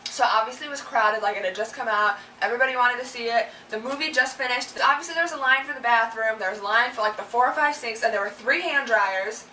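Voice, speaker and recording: A woman's voice: a little high, fast, hardly any pauses, sharp tone, a little hiss or hum. A young woman vlogger ranting casually and with exasperation about things that annoy her, acting out the people she complains about. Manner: chatty and exasperated, acts out quoted people. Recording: roomy, a little distant from the mic.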